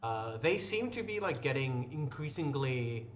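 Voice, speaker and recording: A man's voice: mid-range voice, very animated, a little slow, lo-fi sound, a little hiss or hum. Male game master narrating scenes. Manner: descriptive, filler-heavy narration.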